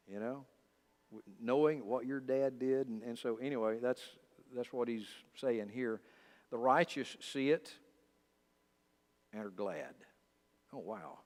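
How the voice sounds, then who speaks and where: A male pastor teaching a Bible study in a conversational way, speaking straight to his listeners with lively asides. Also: medium pitch, moderate pace, long pauses. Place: church. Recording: long church reverb.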